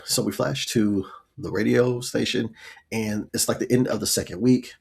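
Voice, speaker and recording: Gravelly low-voiced man recapping an episode. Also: fairly even intonation, moderate pace, a little mellow. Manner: laid-back retelling, full of fillers and acted quotes. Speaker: show reviewer.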